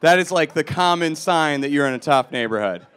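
A young man from Milwaukee doing a stand-up comedy set on a club stage, deadpan and self-mocking, punching up the jokes. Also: fairly high pitch, fairly quick, slight background noise.

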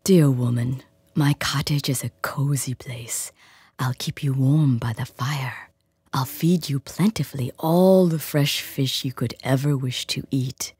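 A woman voicing a stubborn, headstrong but kind young fisherman in a storybook reading, speaking softly and earnestly in a breathy, hushed voice. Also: very deep voice, a little slow, dry recording, heavily acted. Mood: coaxing. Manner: earnest, coaxing. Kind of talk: storybook character voice.

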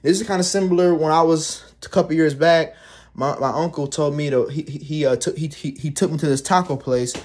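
A man's voice: on the high side, fairly quick, a little mellow. Exasperated, profane young man ranting. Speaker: vlogger. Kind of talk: casual ranting monologue.

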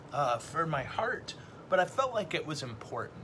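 A man's voice: a little high, big pitch swings, moderate pace, noisy background. A middle-aged man, a Catholic priest, hosting a casual livestream teaching and rambling along with self-deprecating jokes.

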